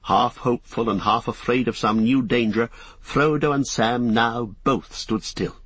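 A man reading a fantasy story aloud as narrator, steady and expressive. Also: medium pitch, measured pace, slightly rough, dry recording. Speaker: audiobook narrator.

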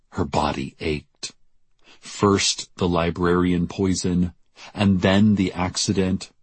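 A man narrating a novel as an audiobook in a measured, deadpan storytelling manner. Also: low voice, slightly rough, no echo.

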